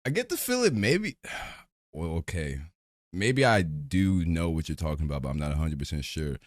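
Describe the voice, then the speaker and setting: Deep-voiced casual male podcast host. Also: sing-song, normal speed, no echo, studio quality. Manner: rambling, loose and profane. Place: home streaming setup.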